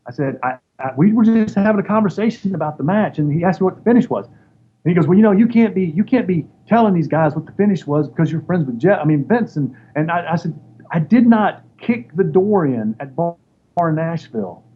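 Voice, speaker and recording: With a slightly high voice and a brisk pace, this man tells casual stories as an interview guest. Once a wrestler, he brings the tales alive by acting out other people's quoted voices. Faint noise runs through a dull, lo-fi recording.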